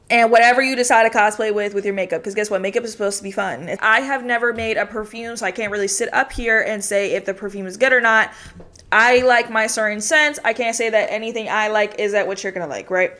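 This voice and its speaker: A woman's voice: medium pitch, fairly bright tone. A young adult woman giving a casual commentary rant, blunt and sarcastic, swearing freely. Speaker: commentary vlogger.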